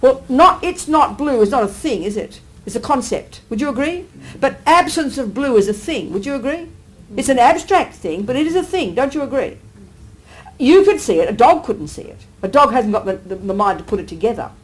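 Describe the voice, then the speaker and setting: Lively, fairly high-voiced woman Buddhist teacher. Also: a little fast, low-quality recording. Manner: animated, keeps asking listeners to agree; acts out everyday exclamations with sudden lifts. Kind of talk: live dharma teaching to an audience.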